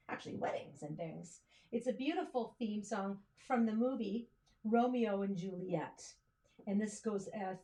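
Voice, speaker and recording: A woman's voice: mid-range voice, dark tone. A woman hosting a music livestream, chatting and joking directly with her viewers between songs. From Canada. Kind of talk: casual chat between songs. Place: home livestream setup, in front of cameras.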